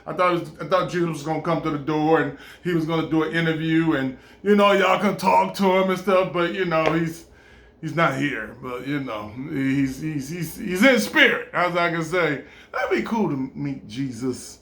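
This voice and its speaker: Speaking at a moderate pace in a slightly high voice, a man rambles through a casual monologue with a roomy sound around him. He's lively and stammering, often laughing and launching into playful impressions.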